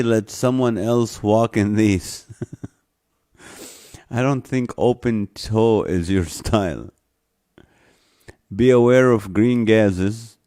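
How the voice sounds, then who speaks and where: A man's voice: on the low side, mellow. A man hosting a live online show, reading viewer comments aloud and chuckling often.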